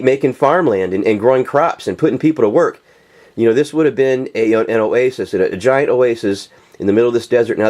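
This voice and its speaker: A man's voice: medium pitch, a little mellow. A man ranting in a casual, profane monologue, full of fillers and restarts, addressing viewers directly. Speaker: political video commentator.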